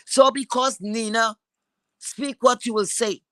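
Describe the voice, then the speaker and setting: Woman commentator, bright edgy tone, blunt and foul-mouthed, hammering rhetorical questions. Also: fairly high pitch, steady tone, unhurried, no room sound. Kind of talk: heated opinion rant.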